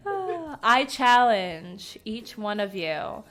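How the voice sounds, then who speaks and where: A woman from the Southern United States with a light Southern American accent, hosting a stream as game master in excitable, bubbly casual chat. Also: fairly high pitch, slow pace, over music. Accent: light general Southern American. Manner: bubbly, excitable, laughs often.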